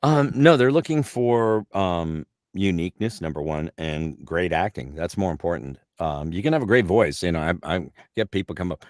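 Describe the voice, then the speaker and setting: Low-voiced middle-aged voice actor, dry close mic, animated anecdotes. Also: male voice, normal speed, hardly any pauses, no echo. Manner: lively storyteller, repeats words when starting. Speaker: voice actor guest. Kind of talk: casual interview chat.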